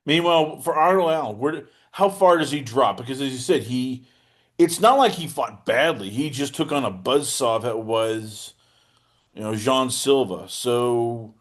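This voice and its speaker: A man hosting a casual podcast chat, animated and teasing, with big swings in pitch and loudness as he jokes. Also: measured pace. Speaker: podcast host.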